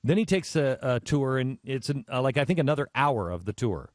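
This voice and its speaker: A man hosting a talk show, telling a long story in a lively, halting way with many restarts. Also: mid-range voice, no echo, studio quality. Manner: animated storyteller with frequent restarts. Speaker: radio show host. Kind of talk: talk radio storytelling monologue.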